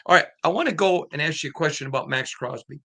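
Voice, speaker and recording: Bright-voiced earnest male podcast host. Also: a little high, fast talker, gravelly. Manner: earnest, emphatic storyteller. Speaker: podcast host and sports beat writer. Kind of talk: casual interview chat.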